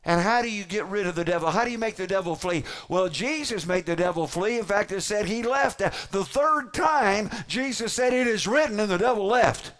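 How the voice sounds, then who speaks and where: A man with a notably high voice delivers a sermon to his congregation. He preaches emphatically, leaning on dramatic pauses and repeated phrases to drive each point home. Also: fairly bright tone. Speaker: pastor.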